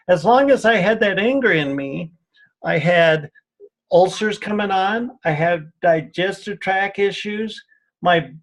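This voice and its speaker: A man being interviewed on a radio show, telling earnest personal stories with frequent restarts and repeated words. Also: high voice. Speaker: interview guest. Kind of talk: radio interview, spiritual healing talk.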